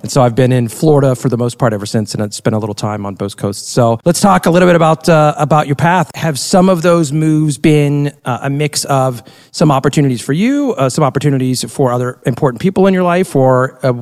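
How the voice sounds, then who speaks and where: Fast-talking man hosting a podcast. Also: mid-range voice, darkish tone. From Cincinnati. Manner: joking, chatty, quick talker. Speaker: podcast host. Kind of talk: casual interview chat. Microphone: video call.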